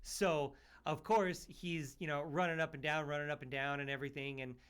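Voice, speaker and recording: A man who hosts a podcast and works as a paramedic, telling stories in a loose, animated way with lots of "you know" and "like". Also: on the high side, moderate pace, clean tone. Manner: animated storyteller, full of fillers like "you know" and "like". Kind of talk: casual chat, telling stories.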